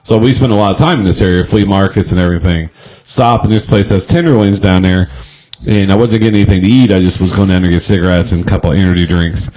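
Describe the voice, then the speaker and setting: A man's voice: low voice, steady tone, fast talker, a little mellow, poor audio. A man from Indiana, a comedian co-host telling a rambling anecdote in casual podcast chat.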